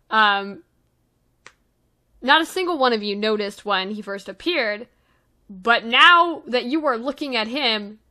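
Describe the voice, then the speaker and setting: A woman's voice: medium pitch, bright, forceful tone. A woman narrating as game master, hesitant with many fillers.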